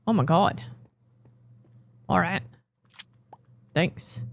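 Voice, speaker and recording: Low-voiced woman streamer thinking aloud. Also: drawn-out words, creaky. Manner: thinking out loud, rambling, playful. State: yawning, tired. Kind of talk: casual gameplay commentary.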